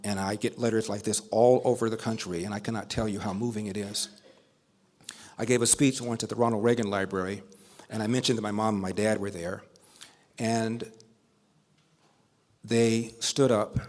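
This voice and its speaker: A man's voice: on the low side, level tone, moderate pace. An older man giving a storytelling speech at a banquet, building emphasis through repetition. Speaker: speaker at a banquet.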